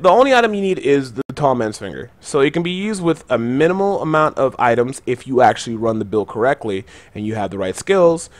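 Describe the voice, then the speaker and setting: With a voice on the high side and no echo, a young gaming channel host talks casually through a gameplay tutorial. His commentary is chatty and relaxed, peppered with fillers and gamer slang.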